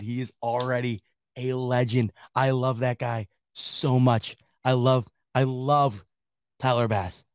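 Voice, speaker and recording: A man's voice: mid-range voice, a little mellow, no echo, clean studio sound. A man hosting a sports reaction podcast, talking casually in a rambling, exasperated way with lots of restarts and laughter. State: laughing to tears.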